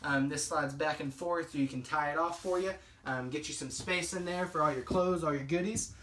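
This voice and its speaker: High-pitched, upbeat salesy man. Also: normal speed, a bit bright, echoey room, a little hiss or hum, poor audio. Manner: upbeat, salesy, keeps addressing viewers as guys. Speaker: home tour presenter. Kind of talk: enthusiastic sales walkthrough. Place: inside a small manufactured cottage.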